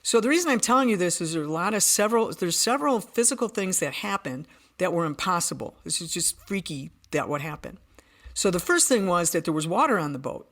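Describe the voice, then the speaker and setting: A woman's voice: lowish voice, very animated, a little fast. A woman guest on a podcast, telling a personal story in an earnest, vivid way, often restarting her sentences.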